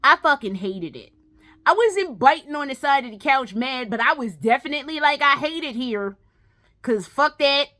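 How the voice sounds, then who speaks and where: A woman's voice: high-pitched, animated, normal speed, pushed and bright. A woman gaming vlogger ranting casually and profanely, exasperated, breaking into mocking whiny impressions.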